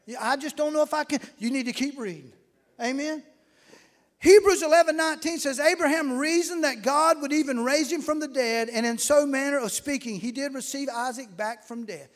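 In a church sanctuary, a man with a very high-pitched voice preaches a fervent, folksy sermon at a moderate pace, reading scripture aloud. The recording has the long reverb of an echoey hall.

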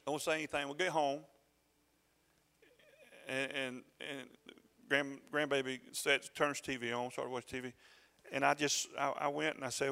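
An older man, preaching a sermon as a pastor in a conversational, storytelling way, often halting and restarting his sentences. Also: medium pitch, little pitch movement, gravelly, bright, forceful tone. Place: church sanctuary. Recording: reverberant church hall.

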